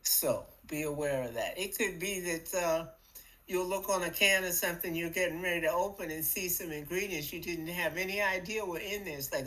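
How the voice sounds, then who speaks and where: A middle-aged woman co-hosting a podcast, talking casually about spiritual matters in an animated, playful way that acts out little voices. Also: fairly low pitch, brisk, rough recording. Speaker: podcast co-host.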